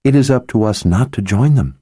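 A man's voice: fairly low pitch, moderate pace, dark tone, no room sound, clean studio sound, voice pushed up, natural voice. A man voicing a stern, urgent sorceress woman who speaks with grim authority in an audiobook. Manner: grim authority, clipped and insistent. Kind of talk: audiobook character voice.

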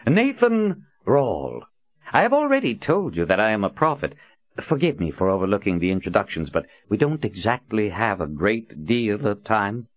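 A man's voice: lowish voice, sing-song, normal speed, voice pushed up. A man voicing a grand, theatrical older male prophet who talks in a silky, mocking, commanding way. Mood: stern. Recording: dull lo-fi audiobook recording.

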